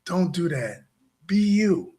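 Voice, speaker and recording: A man's voice: sits high, big pitch swings, slow, mellow. A man hosting a show and giving a motivational talk to a live audience. He is emphatic and repeats himself, often tossing "right?" back at the crowd. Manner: emphatic, repetitive, keeps asking "right?". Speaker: show host.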